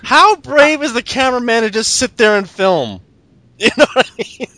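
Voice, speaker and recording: A man's voice: extremely high pitch, lively intonation, moderate pace, bright, forceful tone. A man co-hosting a podcast in crude, exclamatory casual banter. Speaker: podcast co-host.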